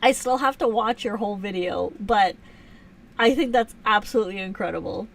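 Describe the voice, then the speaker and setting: A woman's voice: medium pitch, fairly quick, far from the mic. Chatty woman hosting a live stream. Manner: chatty, self-teasing, laughs often. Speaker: livestream host. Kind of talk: casual live chat answering viewers.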